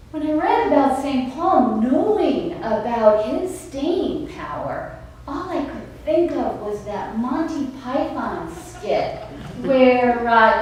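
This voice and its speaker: Slow, high-voiced woman pastor preaching. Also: darkish tone, a little hiss or hum. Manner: emphatic, with dramatic pauses and storytelling. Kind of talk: sermon. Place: church sanctuary. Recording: echoey sanctuary from far off.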